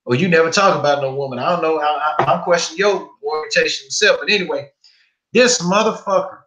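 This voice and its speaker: Profane, animated podcast host in an echoey room. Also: male voice, fairly high pitch, quick pace. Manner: profane, animated storytelling with quoted dialogue. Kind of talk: casual podcast storytelling.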